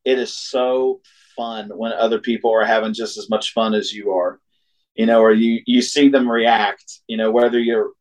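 A man's voice: mid-range voice, poor audio. A man, a singer-songwriter from Ohio, telling a road story in casual chat, laughing often and acting out the voices of people in the story. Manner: animated, laughs often, acts out quoted voices.

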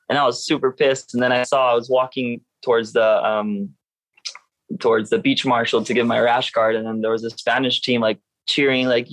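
Young man, surfer guest, casual storytelling, acts out quotes, mid pitch, dry close sound. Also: quick pace, dry recording. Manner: animated, acts out other people's lines in a raised voice.

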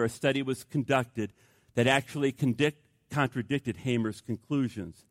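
An older male pastor delivers a sermon in a fairly high voice, telling stories with lively emphasis and then dropping to hushed, quiet passages. The sound is dry and close, with no room echo. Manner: animated storytelling, swinging from loud emphasis to hushed tones.

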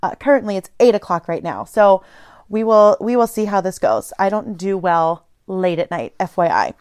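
A woman's voice: mid-range voice, animated, normal speed, darkish tone, clean tone, no room sound, clean studio sound. A woman in her thirties hosting a solo podcast, talking things through in a reflective, meandering way with frequent restarts. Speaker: podcast host. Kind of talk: casual solo podcast monologue.

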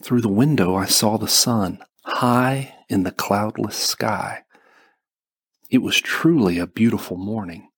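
A man narrating a first-person novel as an audiobook, slow and measured. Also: lowish voice, breathy edge.

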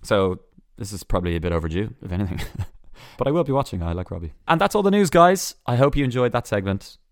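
A man hosting a solo entertainment news podcast, chatty and sarcastic, full of quick asides and restarts. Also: sits low, darkish tone, no room sound, studio quality. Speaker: podcast host.

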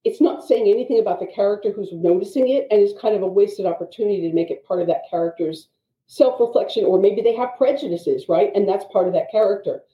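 A woman teaching writing craft, explaining in an animated way with quick asides. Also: medium pitch. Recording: dull, echoey audio.

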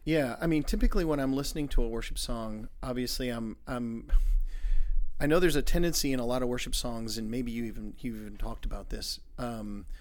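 A man joining as a guest in a casual discussion, explaining his thoughts in a measured way. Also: mid-range voice. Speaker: guest, ministry colleague.

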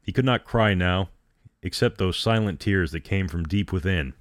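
A man reading a dramatic story aloud as host, in a measured, dramatic way. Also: low voice, no echo, studio quality.

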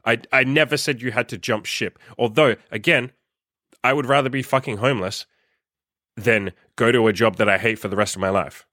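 A man's voice: medium pitch, fairly quick, bright, forceful tone, no echo, clean studio sound. A young man hosting his own podcast, ranting bluntly and profanely as he scolds listeners. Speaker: podcast host and coach. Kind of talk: ranting solo podcast monologue.

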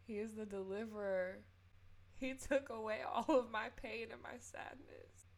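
A young woman hosts a personal podcast episode, her voice a touch higher than most. She talks with earnest, tearful sincerity. She leans into faith-filled encouragement for her listeners. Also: a little slow. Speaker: podcast host.

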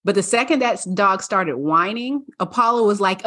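Woman podcast co-host, husky, casual, animated storyteller. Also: moderate pace. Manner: animated storyteller, acts out her dogs in high voices, laughs often. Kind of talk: casual chat.

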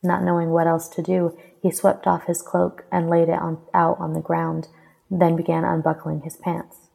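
A woman reading a romantic fantasy fan fiction aloud in steady, even storybook narration. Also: lowish voice, normal speed, vocal fry, husky, low-quality recording.

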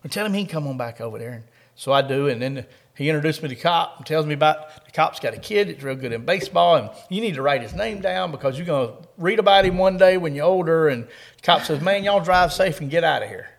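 Southern man with a higher voice telling a hunting yarn. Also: expressive, fast, gravelly. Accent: Southern US (Kentucky). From Kentucky, US. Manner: folksy storyteller, laughs through the funny parts. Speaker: coon hunting dog handler. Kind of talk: telling a story in an interview.

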